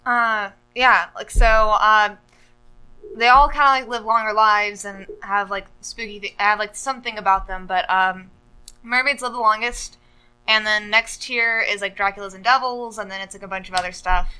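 A woman's voice: mid-range voice, fairly even intonation, normal speed, sharp tone, clear, resonant tone, low-quality recording. A woman on a podcast, chatting casually and rambling with lots of "uh" and "like". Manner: rambling, full of "uh" and "like". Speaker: podcast co-host. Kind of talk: casual chat.

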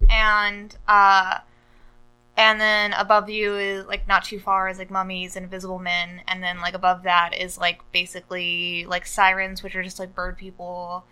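A woman talks casually on a podcast, wandering through her point with many "uh"s and "like"s. Her voice is bright and crisp, with a smooth, clean tone. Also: mid-range voice, monotone, a little slow, rough recording. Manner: rambling, full of "uh" and "like". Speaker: podcast co-host. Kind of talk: casual chat.

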